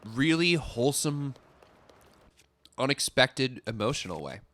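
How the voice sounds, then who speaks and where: A young man streams a game and talks casually, rambling along with many fillers. His voice is bright and sharp, and his pitch moves a lot. A faint hiss sits under the voice. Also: very animated, a little slow. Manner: rambling and chatty, full of fillers; swears at the game. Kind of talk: casual chat while gaming.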